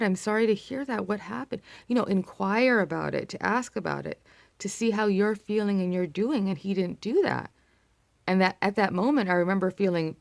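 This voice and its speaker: A woman talking earnestly and reflectively to camera, sharing a personal story with many pauses and fillers. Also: medium pitch, creaky, dry recording. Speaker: vlogger sharing personal experience. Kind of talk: casual talk to camera.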